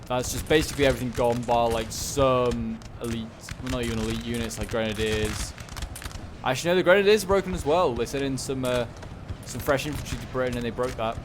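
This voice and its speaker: A man giving casual, rambling commentary on a strategy game battle, excitable and talking back to the units on screen. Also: mid-range voice, fairly quick, noisy background. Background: gunfire and battle sounds.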